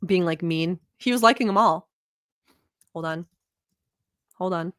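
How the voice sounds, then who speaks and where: A woman's voice: lowish voice, a little slow, fairly bright tone, dry recording, clean studio sound. A woman from the Middle East hosting a casual reaction video, with blunt, profane commentary and frequent laughing asides. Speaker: reaction vlogger host.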